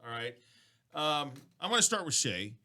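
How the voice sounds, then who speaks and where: A man's voice: fairly high pitch, sing-song, normal speed, sharp tone. A man hosting a casual chat show, telling loose, profane stories through laughter. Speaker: podcast host.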